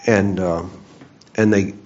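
A man reflecting on a teaching in a church group, thoughtful and measured, often restarting phrases. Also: low-pitched, fairly even intonation, a little mellow, dull audio. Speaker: church group member sharing. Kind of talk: reflective discussion.

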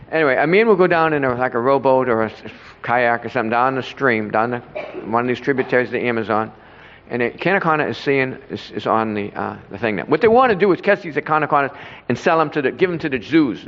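A man telling a rambling, stumbling story at an informal Bible study, repeating himself and tripping over words. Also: mid-range voice. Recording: echoey hall, dull lo-fi sound.

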